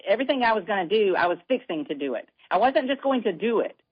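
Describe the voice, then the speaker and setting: A woman's voice: mid-range voice, big pitch swings, quick pace, husky. An older woman with a Southern accent, a guest author chatting casually and telling family stories. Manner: warm storytelling. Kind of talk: casual chat. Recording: dull lo-fi sound.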